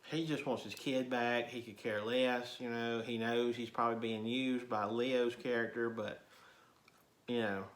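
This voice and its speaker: A man's voice: medium pitch, level tone, measured pace. A man giving a casual, rambling movie review, chatty and informal with plenty of asides. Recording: roomy echo.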